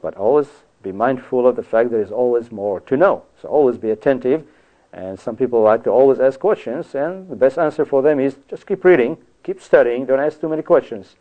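A man teaching a verse-by-verse Bible study, digressive and full of "you see" and "you know" asides. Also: mid-range voice. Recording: tinny phone-like sound.

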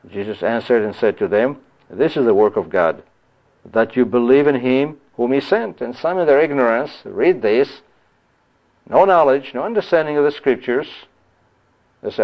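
A man preaching a Bible teaching sermon. He reads scripture slowly, then explains it in a conversational way, with frequent "you see" and "you know". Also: medium pitch, animated, dull audio.

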